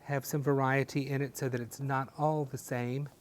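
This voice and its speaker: A man guides viewers through a painting demonstration step by step. His delivery is gentle and encouraging, with a mid-range voice and homespun sayings sprinkled in. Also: medium pitch, little pitch movement, moderate pace. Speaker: painting instructor.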